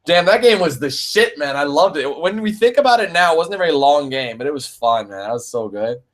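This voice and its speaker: A young Canadian man with a Canadian accent chats through viewer questions on his gaming stream. His voice sits slightly high. He is laid-back and swears freely, calling people man and bro. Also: lively intonation, brisk. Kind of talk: casual live-stream Q&A.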